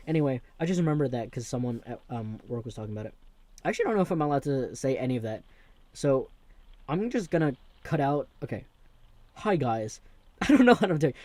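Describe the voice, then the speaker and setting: A young man hosts a loose comedic monologue and drifts from one topic to the next. His voice is mellow and dark, and it sits in a mid range for a man. The recording is dry and close, with almost no room sound. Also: mid-range voice, no echo. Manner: rambling, self-interrupting, jokey. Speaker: host.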